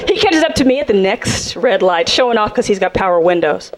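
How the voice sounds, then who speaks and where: Sassy high-voiced woman doing stand-up. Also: quick pace, few pauses. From South Central Los Angeles. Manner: sassy, animated, acts out characters. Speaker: stand-up comedian. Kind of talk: stand-up comedy set. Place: comedy club stage with audience. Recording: live club, loud crowd laughter. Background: audience laughing.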